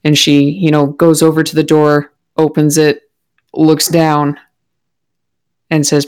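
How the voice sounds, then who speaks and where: A woman's voice: low voice, slow, pauses often, smooth. A woman casually narrating her character's actions in a tabletop game, with many fillers. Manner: casual, relaxed, filler-heavy.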